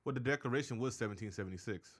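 A man from Charleston chatting as a podcast guest. He is blunt and profane, cracking jokes in an easy, unhurried way. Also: medium pitch, fairly bright tone, breathy edge. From Charleston, South Carolina. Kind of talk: casual chat.

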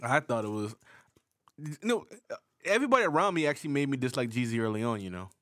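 A man from Charleston, South Carolina, co-hosting a podcast in relaxed casual chat, rambling with restarts as he tells stories. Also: mid-range voice, fast talker, no room sound, studio quality. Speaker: podcast co-host.

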